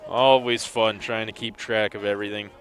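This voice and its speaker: This play-by-play commentator is a man with a lowish, slightly bright voice that barely moves in pitch, speaking at normal speed. Calling a semi-pro football game, he adds dry, wry comments on the confused officiating.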